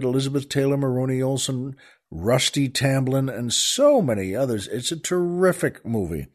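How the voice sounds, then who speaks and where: A man's voice: mid-range voice, darkish tone. A middle-aged man hosting a show, talking in a casual comedic monologue that turns into exasperated, joking rants. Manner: ranting, exasperated, jokey. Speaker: show host.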